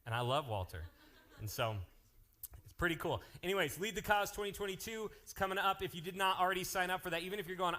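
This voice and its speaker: A man working as a youth pastor, making lively, joking announcements and telling stories to a live youth group. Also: high-pitched, fairly quick. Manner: energetic, joking, jumps between topics.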